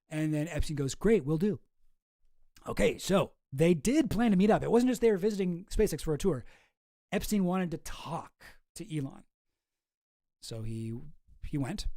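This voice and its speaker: A man's voice: a little high, expressive, normal speed, mellow, no room sound, clean studio sound. A man on a casual livestream, reading messages aloud in mocking put-on voices and commenting sardonically. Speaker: streamer.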